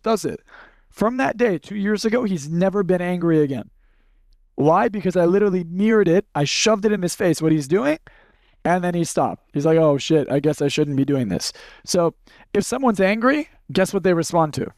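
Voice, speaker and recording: A young man with a high voice holds forth to a live audience in a loose, blunt way, swearing freely and acting out quotes as he tells stories. The sound is close and dry with no room echo. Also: darkish tone. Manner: blunt, profane, storytelling with acted-out quotes. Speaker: speaker teaching a live audience. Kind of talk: casual seminar talk.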